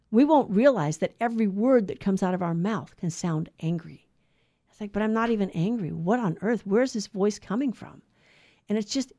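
A woman's voice: mid-range voice, dark tone, no room sound, studio quality. A middle-aged woman co-hosting a Catholic radio Bible study, talking in an earnest, conversational way with frequent restarts.

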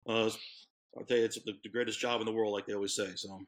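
A man's voice: fairly low pitch, level tone, fast talker. A man in his thirties with a New York accent, a police dog handler telling stories in a rambling, casual way full of fillers. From Orlando, Florida. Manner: rambling, many fillers and restarts. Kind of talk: casual storytelling interview.

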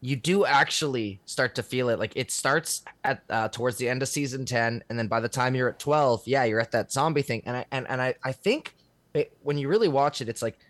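A man's voice: medium pitch, fairly quick, fairly bright tone, dry recording. A man in casual chat who rambles, says "like" a lot and swears. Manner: rambling, heavy use of "like", swears.

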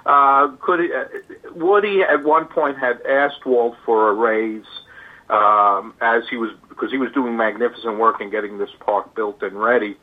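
A male author being interviewed, telling a history in a halting way with many fillers and restarts. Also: mid-range voice, steady tone. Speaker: author guest. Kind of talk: interview storytelling. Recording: tinny phone line.

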